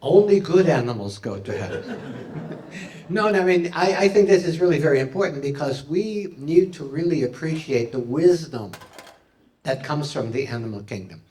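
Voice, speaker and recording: A man's voice: fairly high pitch, expressive, moderate pace, darkish tone, a little hiss or hum. Man, stand-up comedian, playful punning delivery, echoey hall, distant mic. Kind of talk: stand-up comedy with audience questions. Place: live venue with audience.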